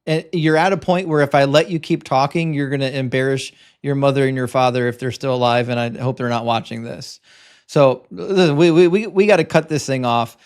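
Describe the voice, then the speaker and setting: A man hosting a live-streamed debate show and reading viewer messages, talking bluntly and lecturing, with quick stammered restarts. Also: mid-range voice, smooth.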